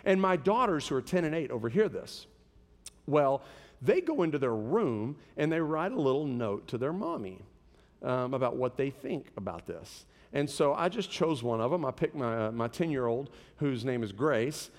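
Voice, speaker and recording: A man's voice: mid-range voice, animated, moderate pace, big-room sound. A pastor in his thirties preaching a sermon, conversational and telling stories with humor.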